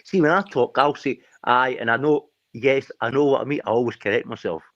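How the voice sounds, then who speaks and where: A man's voice: medium pitch, a little fast, no echo, lo-fi sound. A Scottish man co-hosting a stream, telling stories in casual, laughing, heavily profane banter. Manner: animated, laughing, profane storytelling. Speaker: co-host of a live stream. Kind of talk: casual banter with heavy swearing.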